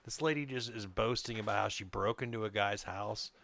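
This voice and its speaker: A man's voice: fairly low pitch, brisk, gravelly, fairly bright tone, a little hiss or hum. A man hosting a casual chat, teasing a guest with wisecracking remarks.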